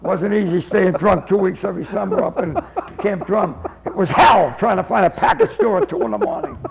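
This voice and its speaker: A comedian, telling an animated story and acting out the voices in it. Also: male voice, high voice, brisk, gravelly, slightly rough, rough recording. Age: 70s. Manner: animated, acts out voices in his stories. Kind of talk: storytelling anecdote.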